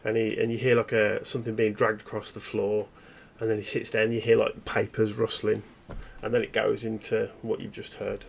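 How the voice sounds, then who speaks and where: A man narrating a tabletop horror game as game master, in halting, descriptive storytelling. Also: lowish voice, monotone, creaky, slight background noise.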